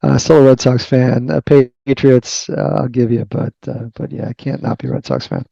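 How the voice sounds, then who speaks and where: A man with a Boston accent speaks in a gravelly, relaxed low-key voice, pausing often with fillers and restarting his phrases. The sound is dry and slightly muffled, a lo-fi remote recording. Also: no room sound. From Boston area. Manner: halting, many fillers and restarts. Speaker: guest, company CEO. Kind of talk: conversational interview answers.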